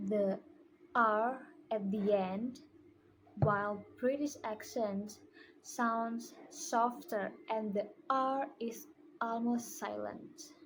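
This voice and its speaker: A young woman, a native Indonesian speaker, talks in English with an Indonesian accent in a very unhurried way. She presents her own class work carefully, stopping to repeat single words over and over to demonstrate them. Her pitch sits in the middle for a woman, and faint noise hangs behind her. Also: low-quality recording. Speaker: student.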